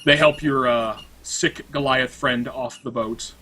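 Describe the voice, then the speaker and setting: A man's voice: mid-range voice, steady tone, sharp tone, slight background noise. A man running a tabletop role-playing game as game master, narrating with many restarts and fillers. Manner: halting, filler-heavy narration.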